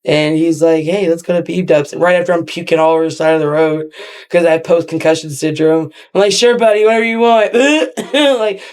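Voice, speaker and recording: A woman's voice: sits low, brisk, darkish tone, clear, resonant tone. Laughing, blunt middle-aged woman. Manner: laughing often, blunt, profane storytelling. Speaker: guest, wrestler. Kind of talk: casual interview chat.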